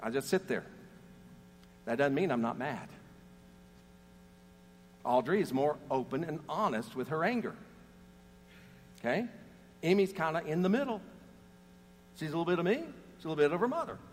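A man's voice: on the high side, moderate pace, pauses often. Guy pastor preaching, bouncy up-and-down voice, jokey stories, big hall echo, faint hum. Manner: animated storytelling with jokes and scripture readings. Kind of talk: sermon.

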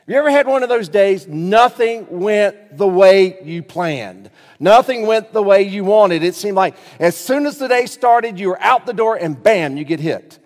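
A man delivering a sermon as a folksy story, often pausing to check in with his listeners. His voice sits a little high for a man, and a long reverb trails after it in a big church hall. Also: a little mellow. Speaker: pastor.

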